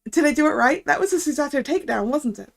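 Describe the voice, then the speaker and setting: A woman's voice: high voice, expressive, quick pace, vocal fry. A woman streamer chatting casually over a game, stumbling over words and giggling. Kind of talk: casual gameplay commentary.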